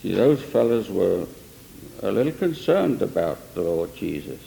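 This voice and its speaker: A man's voice: sits low, very animated, unhurried, vocal fry, dark tone, a little hiss or hum. An older man preacher telling a story in an earnest sermon, with emphatic swells. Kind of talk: sermon testimony. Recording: long echo of a large hall.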